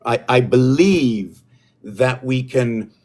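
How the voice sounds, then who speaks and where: A man talking alone on a live stream in a mid-range voice. He rambles from one idea to the next, gets excited, and drifts off his own point. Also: mid-range voice, slow. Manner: meandering, excitable, loses his own thread. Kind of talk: rambling solo livestream talk.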